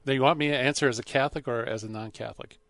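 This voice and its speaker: A man's voice: mid-range voice, steady tone, very fast, a bit bright, no echo. A man co-hosting a radio talk show in a casual, agreeable, conversational way.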